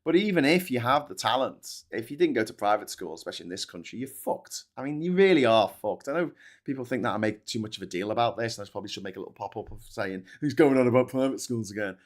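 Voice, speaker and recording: A man's voice: fairly low pitch, fast. A man hosting a live stream who rants and swears as he reads out viewer comments. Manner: ranting, sweary, animated. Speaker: host.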